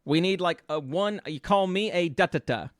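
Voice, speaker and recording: A man's voice: sits high, moderate pace, no echo, clean studio sound. A man streaming live, chatting casually with viewers and thinking aloud as he riffs on word ideas in a playful way. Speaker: VTuber streamer.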